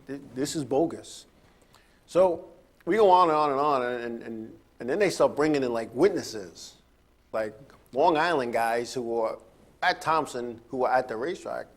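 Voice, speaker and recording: Middle-aged guy hosting radio, rambly storytelling, chuckles a lot, lots of ums. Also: medium pitch. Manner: rambling, chuckling, many fillers and restarts. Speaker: radio show host. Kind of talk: casual storytelling chat.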